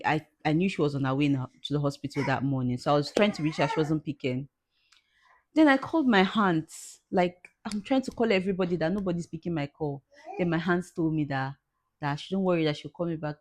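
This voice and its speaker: A woman with a deep, low voice speaks straight to her viewers in a personal vlog. She talks haltingly and circles back over the same words. At times she is crying as she talks. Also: slight background noise. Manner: tearful, halting, repeats herself. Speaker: vlogger.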